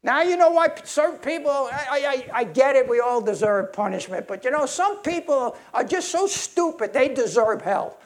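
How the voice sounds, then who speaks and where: A man's voice: very high voice, lively intonation, normal speed, hardly any pauses. A man preaching a sermon in a heated, emphatic way, often restarting his sentences.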